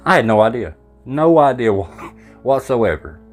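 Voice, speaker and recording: An American man hosting his channel, reading viewer comments in casual, animated commentary with jokes and laughs. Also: mid-range voice, measured pace, faint music behind.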